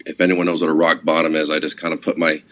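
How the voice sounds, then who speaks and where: A man with an extremely deep, low voice talks in a relaxed, rambling way. He swears freely and leans on fillers as he tells stories in casual chat. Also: fast talker, slight background noise. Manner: casual, profane, laid-back storytelling with many fillers. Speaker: podcast guest, actor.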